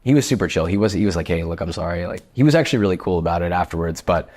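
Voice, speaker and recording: A chef telling a kitchen story in casual, animated talk, swearing freely and using lots of fillers. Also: male voice, deep voice, rapid-fire.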